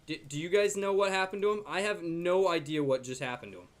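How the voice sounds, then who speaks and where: His voice sits high and his pace is quick: a young man, a gaming YouTuber, casually talks through his own gameplay. Chatty and joking, he turns to his dog with a soft baby voice.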